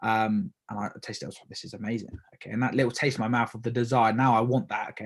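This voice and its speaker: A young man from the UK talks fast through his solo podcast. His voice is husky and a little rough, and he rambles, stopping to correct himself and filling gaps with "um" and "okay". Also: mid-range voice, fairly even intonation. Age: young adult. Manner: rambling, with many fillers and self-corrections. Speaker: podcast host. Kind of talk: casual solo podcast talk.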